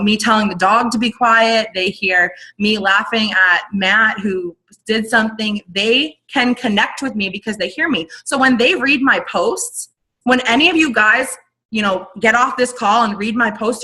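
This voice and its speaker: A young woman giving an energetic, rambling coaching talk to her team on a video call. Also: mid-range voice, normal speed, poor audio. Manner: energetic, animated, rambling with restarts. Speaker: network marketing team leader.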